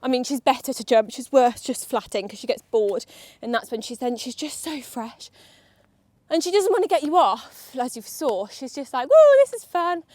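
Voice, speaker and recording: A woman's voice: fairly high pitch, normal speed, darkish tone, no room sound. A young woman vlogging while riding her horse, chatty and nervous, talking to the horse and her viewers. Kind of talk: casual chat while riding. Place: outdoor riding arena.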